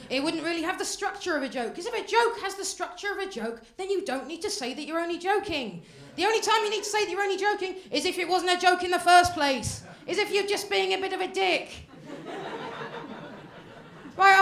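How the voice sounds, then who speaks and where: A woman's voice: very high voice, a bit bright, roomy sound. A woman doing a sarcastic, mock-angry stand-up set. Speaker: stand-up comedian.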